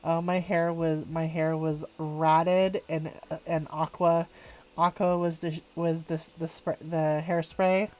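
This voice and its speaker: A woman's voice: low-pitched, flat delivery, slow, darkish tone. A woman, chatting casually on a live stream while she draws. She rambles, laughs often and keeps saying "like". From California, USA. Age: 40s. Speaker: artist streaming a live coloring session.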